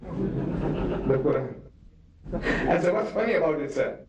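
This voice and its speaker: An older man with a South African Indian English accent, giving a religious public lecture as animated storytelling, acting out dialogue and firing questions at his audience. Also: fairly high pitch, slow pace, background noise. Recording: dull, echoey hall recording from far off.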